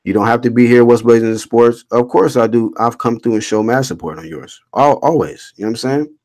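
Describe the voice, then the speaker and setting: With a brisk, mid-range voice, the man reads chat comments from his casual boxing livestream and rants back at them. His replies are blunt, lively, slangy and laced with swearing.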